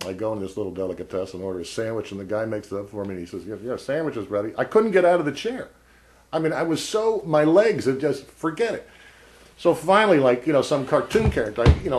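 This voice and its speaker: A man's voice: on the low side, a little mellow. A man vlogging a casual story about an old job, rambling and wry, often breaking off mid-sentence. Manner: rambling, self-interrupting, wry.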